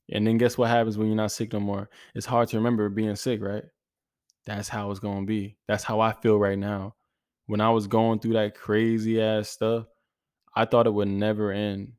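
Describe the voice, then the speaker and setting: A young man in his twenties speaks in a low, even voice with little rise and fall. He talks earnestly and casually, with slang, repeated phrases and false starts. The sound is dry and close, with no room echo. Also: normal speed, clear, resonant tone. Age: 20s. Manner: earnest, repetitive, slangy, many restarts. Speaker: podcast host. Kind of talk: casual motivational monologue.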